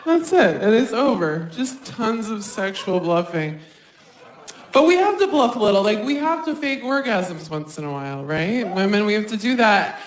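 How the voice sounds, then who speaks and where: A woman performing a stand-up comedy set, talking animatedly and slipping into quick voices for other people. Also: medium pitch, very animated. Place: live comedy stage. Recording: roomy live stage sound.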